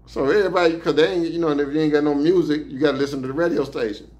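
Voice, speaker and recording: A man's voice: fairly high pitch, fairly even intonation, very fast, darkish tone. A man casually telling stories about prison transport and life inside, in loose streetwise slang with plenty of swearing. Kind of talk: casual storytelling.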